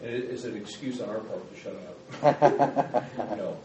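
A man's voice: medium pitch, a little slow, mellow, slight background noise. A man in a Bible class offering a hesitant, tentative comment in a group discussion. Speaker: class participant.

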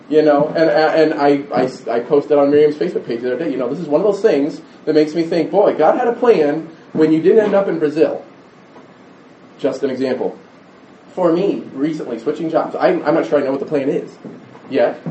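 A man's voice: fairly high pitch, warm tone, reverberant, recorded from a distance, lo-fi sound, slight background noise. A middle-aged man preaching a conversational sermon, rambling with restarts and stories.

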